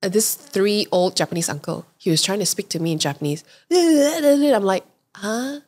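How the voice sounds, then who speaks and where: Malaysian woman, podcast co-host, casual and animated storyteller. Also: on the low side, quick pace, slightly rough. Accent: Malaysian English. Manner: lively storyteller who acts out quoted voices.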